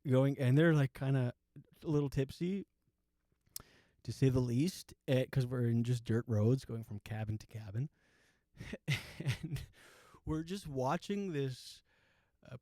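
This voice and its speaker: Podcast host, man, forties, casual and profane storyteller, slightly high voice, dry close sound. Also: dark tone, no room sound. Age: 40s. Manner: profane, laughs through his own story.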